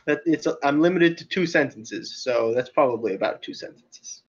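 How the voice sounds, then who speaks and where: Laughing tabletop player, lo-fi mic. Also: male voice, medium pitch, animated, normal speed, husky. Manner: laughs often, thinks aloud while checking rules. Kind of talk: casual tabletop game chat. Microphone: voice chat over internet.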